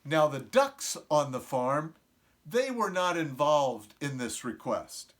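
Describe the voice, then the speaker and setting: Man reading a picture book to little kids, bouncy pitch, takes his time, asks them questions. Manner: slow, animated, asks the children questions. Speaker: mayor reading to preschoolers. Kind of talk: storybook read-aloud to young children.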